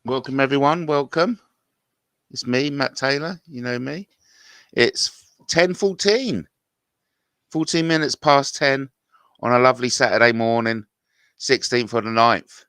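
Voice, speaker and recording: Man, vlogger, rambling casual chat, lively pitch, dry close sound. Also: measured pace, no echo. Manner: rambling, chatty, laughing it off.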